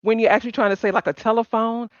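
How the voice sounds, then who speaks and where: A woman hosting a live stream, chatting casually with her audience in a blunt, profane and animated way, laughing often. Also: on the high side, quick pace, no echo, dull audio. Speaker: livestream host.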